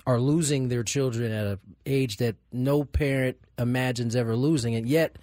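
A man's voice: medium pitch, steady tone, normal speed, mellow, no room sound, clean studio sound. Thoughtful male radio co-host. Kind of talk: radio show hosting.

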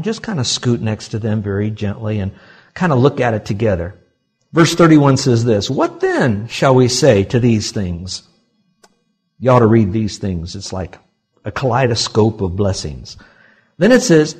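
A male pastor delivers a sermon to a church congregation in a husky, somewhat breathy voice at a middle pitch. He moves from soft, confiding asides to loud, emphatic peaks.

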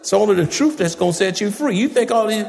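A man preaching a fervent sermon, rising to shouts and calling on the congregation to answer back. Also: high voice, animated, quick pace, creaky, big-room sound, slight background noise. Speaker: pastor.

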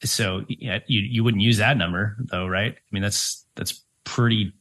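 A middle-aged financial planner co-hosting a radio show speaks in a fairly low, fairly even, somewhat bright voice at a slightly slow pace. He walks through ideas step by step, with many ums and frequent "right?" asides.

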